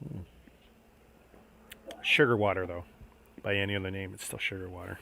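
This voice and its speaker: A low-voiced man with a gravelly edge chats through a livestream build. He muses aloud, reacting to each step. A faint noise sits under the recording. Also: fairly even intonation, normal speed, pushed and bright. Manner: chatty, musing aloud while building. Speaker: livestream host building a model kit. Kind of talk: casual livestream chat.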